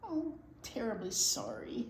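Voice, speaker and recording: A small, timid male mouse speaks in a soft, high, hesitant voice, all polite apologies, as a woman reading a storybook puts him on. The voice floats in a roomy, echoing space. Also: sing-song, normal speed. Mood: apologetic. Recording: roomy echo.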